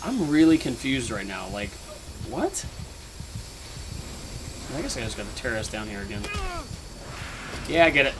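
A man playing a horror game and talking through it, swearing, rambling in confusion and yelling when startled. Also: mid-range voice, expressive, brisk, pauses often, background noise. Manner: jumpy, swears a lot, yells when startled. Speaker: let's play gamer.

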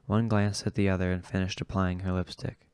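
A man reading an audiobook chapter aloud in a steady, unhurried way. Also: deep voice, clear, resonant tone, no room sound. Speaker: audiobook reader. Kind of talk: audiobook narration.

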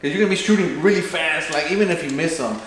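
Here the host sounds a little high and fairly bright, talking fast while he chats through his video plan and acts out lines. Heavy room echo and faint noise surround him.

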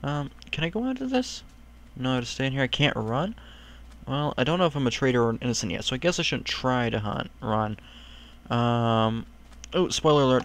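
A man talks through a video game in casual, rambling commentary. He pokes fun at himself, breaks into quick excited yelps, and keeps up a friendly chatter. His voice is smooth and resonant, at an ordinary pitch. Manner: chatty, rambling, self-mocking, sudden yelps. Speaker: gaming YouTuber.

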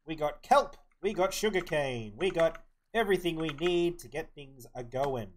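A man's voice: a little high, lively intonation, moderate pace, a little hiss or hum. A young man streaming a game live, chatting casually and muttering his plans to himself as he plays. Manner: mumbling to himself, thinking aloud. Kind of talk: casual live-stream commentary while playing.

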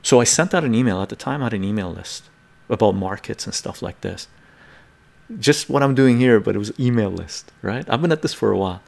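A man hosts a live stream and tells a story from his own life, stressing his points hard and calling his listeners "gang." His voice sits low and has a gravelly edge. He talks in quick bursts and keeps checking in with a "right?". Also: lively intonation, darkish tone. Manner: emphatic, addresses his audience as "gang".

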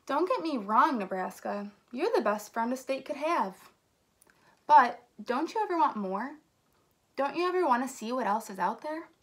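A bored, restless storybook state moans and longs for adventure, as a woman reading aloud gives him a voice. The voice sits a little high and is plain and lively. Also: moderate pace, slightly rough, heavily acted. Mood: eager. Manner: moaning, then eager.

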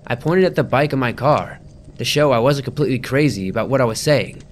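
A man narrating a first-person horror story in a tense, dramatic delivery, dropping to a hush at times. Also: mid-range voice, fairly quick, a little hiss or hum.

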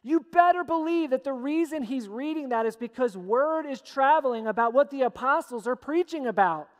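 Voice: high-pitched, expressive, normal speed. Emphatic pastor preaching in a reverberant church. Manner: emphatic preaching with repeated phrases. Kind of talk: sermon. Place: church sanctuary. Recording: long church hall reverb.

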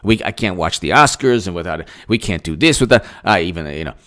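A man's voice: sits low, animated, fast talker, a bit bright. A man doing solo political commentary, ranting and sarcastic, mocking people in put-on voices.

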